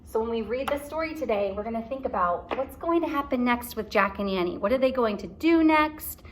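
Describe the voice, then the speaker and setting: A woman teacher reading a chapter book aloud to kindergarten children, pausing to ask encouraging questions. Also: on the high side, lively intonation, noisy background. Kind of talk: read-aloud for young children.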